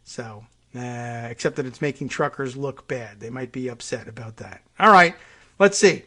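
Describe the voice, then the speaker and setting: A man's voice: medium pitch, normal speed, bright, forceful tone. A male host delivering a rambling, sarcastic monologue on a talk show, with plenty of hesitations and asides.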